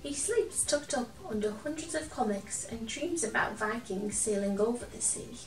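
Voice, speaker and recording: Expressive woman reading a picture book, echoey room. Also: fairly high pitch, normal speed, far from the mic, faint music behind. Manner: gentle and expressive, chatting to a toy companion. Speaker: children's storyteller. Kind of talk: picture-book read-aloud for children. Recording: roomy echo, from off the mic.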